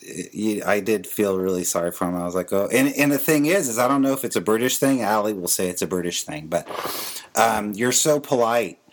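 A man's voice: on the low side, fairly quick. A man hosting a podcast chat, rambling and hesitant with lots of fillers. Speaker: podcast host and producer. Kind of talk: casual chat.

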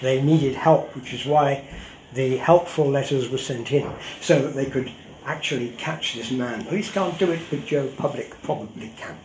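A man's voice: mid-range voice, normal speed, darkish tone, slight background noise. An older man, a historian, giving a public lecture in a wry, conversational way with frequent ums and asides. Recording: roomy hall echo.

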